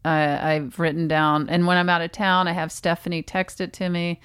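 A woman co-hosting a podcast, telling stories in a dry, deadpan casual chat. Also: lowish voice, normal speed, clean tone. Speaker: podcast co-host.

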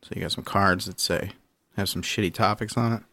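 A man's voice: deep voice, fairly even intonation, brisk, bright, forceful tone. A man co-hosting a comedy podcast, reading game rules aloud in a laid-back, swearing way. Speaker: podcast co-host.

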